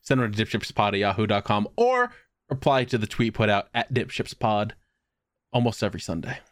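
A man's voice: on the low side, sing-song, brisk, no room sound. A man hosting a casual podcast, reading listener questions aloud with dry jokes.

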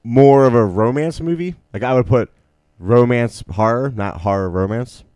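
A man co-hosting a podcast, speaking in a relaxed, measured way with some swearing. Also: medium pitch, smooth, no room sound. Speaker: podcast co-host. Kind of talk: casual chat about movies.

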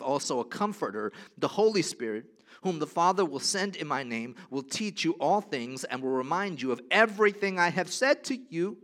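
A man preaches a sermon with emphatic repetition, shifting from soft, low passages to loud, rising declarations.

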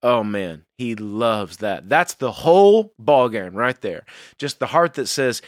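A man's voice: medium pitch, a little slow, no echo, studio quality. A man co-hosting a casual faith podcast, telling stories earnestly. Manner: earnest storytelling, animated. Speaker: podcast co-host.

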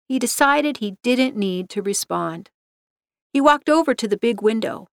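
A woman narrating a story in an even, steady reading manner. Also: fairly high pitch, moderate pace, no echo, studio quality.

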